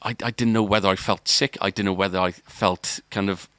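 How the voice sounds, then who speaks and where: A man's voice: low voice, fairly even intonation, brisk, fairly bright tone, no room sound. A man, a podcast co-host, telling a long story in casual chat, rambling with restarts and filler words.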